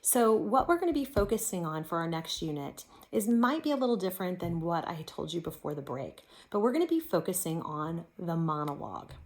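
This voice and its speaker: A woman drama teacher giving a recorded online lesson, explaining and leading warm-ups with clear, encouraging instructions. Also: on the low side, sing-song, fairly quick, few pauses.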